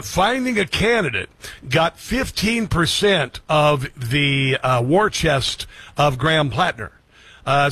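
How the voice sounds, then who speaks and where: A man hosting a political talk show, speaking quickly with many fillers and a scoffing tone. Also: a little high, bright, forceful tone, husky, dry recording. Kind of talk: opinionated commentary.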